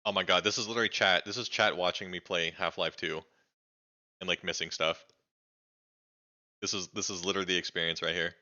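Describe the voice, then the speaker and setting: A male streamer casually reacting on a live stream, excitable and rambling, swearing freely with lots of fillers. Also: low voice, fairly quick, pauses often, highs cut off.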